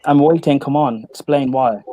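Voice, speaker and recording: A man hosting a livestream panel, sternly demanding an explanation in a measured, firm way. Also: mid-range voice, dark tone, no room sound. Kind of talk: confrontational live stream panel.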